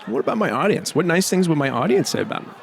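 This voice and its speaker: A man's voice: fairly high pitch, very animated, quick pace, gravelly. A man doing a standup set on a comedy club stage with a handheld mic, brash and profane, taunting the audience. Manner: brash, profane, crowd-baiting.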